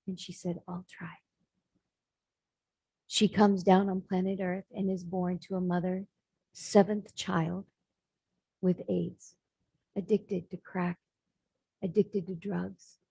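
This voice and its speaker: A woman's voice: fairly low pitch, level tone, slow pace, vocal fry, long pauses, mellow, slightly rough, dry recording, low-quality recording. A woman telling a spiritual story as a sermon, acting out the voices of the characters in it. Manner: dramatic storyteller voicing characters. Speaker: spiritual speaker.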